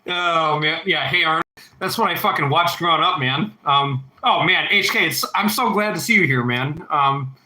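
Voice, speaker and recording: A man's voice: a little high, normal speed, pushed and bright. A man in his thirties hosting a casual livestream, rambling and swearing freely as he talks to his chat. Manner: rambling, heavy swearing, reads chat aloud. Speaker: livestream host. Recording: echoey room.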